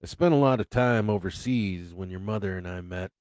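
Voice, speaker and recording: A man voicing an aging father, a weary, awkward ex-serviceman, who speaks in halting, apologetic fits. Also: low voice, a little mellow, dry recording, lightly acted. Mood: reminiscing.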